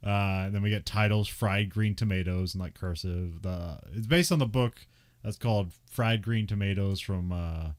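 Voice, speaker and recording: This young co-host speaks at a normal speed with a low-sitting voice. His casual podcast banter wanders, is packed with fillers, and is often broken up by laughter.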